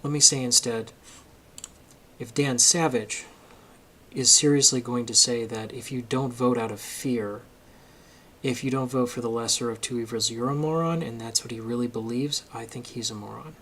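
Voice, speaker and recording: A man at a middle pitch delivers a casual opinion monologue for his channel. He argues emphatically and gets worked up, and a faint background noise sits under his voice. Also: fairly even intonation, moderate pace, a bit bright. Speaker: political commentary vlogger.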